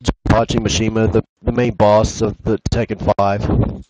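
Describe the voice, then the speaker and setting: A man's voice: on the low side, level tone, moderate pace, background noise. A man ranting in a casual podcast chat, swearing a lot. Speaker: podcast co-host.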